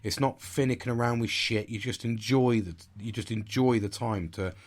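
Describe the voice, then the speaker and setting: A man's voice: mid-range voice, steady tone, moderate pace. A middle-aged man, talking in a blunt, sweary, rambling but earnest way in a casual motivational monologue as a podcast host.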